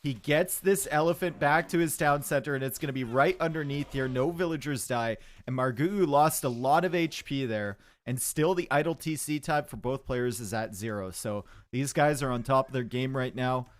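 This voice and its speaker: A man's voice: medium pitch, moderate pace, hardly any pauses. A man giving casual live commentary on a strategy game, chatty and joking with his viewers from a home streaming setup. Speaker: esports caster.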